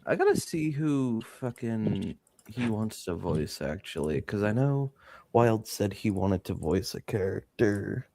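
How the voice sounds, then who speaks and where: A man's voice: fairly low pitch, animated, a little slow, creaky, warm tone, no room sound. A man in casual chat on a stream, swearing often and laughing easily.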